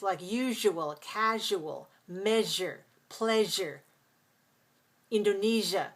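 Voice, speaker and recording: A woman's voice: medium pitch, fairly bright tone. Woman, pronunciation teacher, patient step-by-step classroom explainer. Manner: patient, explains step by step, repeats words slowly. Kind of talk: live class lesson.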